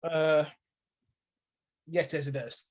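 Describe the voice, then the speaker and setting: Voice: medium pitch, steady tone, slow, muffled recording. A player in a tabletop game, speaking in a hesitant way, with some laughter.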